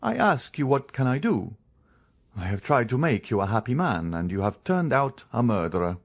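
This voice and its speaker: A man reading an audiobook, voicing a stern, contemptuous count disguised as a priest who speaks in measured, cold commands. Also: medium pitch, very animated.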